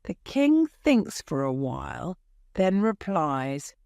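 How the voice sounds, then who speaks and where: A woman narrating a graded reader story in slow, clear audiobook style. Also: low voice, sing-song, a little mellow, no room sound, clean studio sound.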